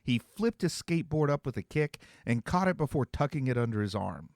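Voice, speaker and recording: A man reading his own novel aloud as an expressive storyteller. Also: medium pitch, brisk, no room sound, studio quality. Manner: expressive storytelling, voicing several characters. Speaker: author and narrator. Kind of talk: scripted narration.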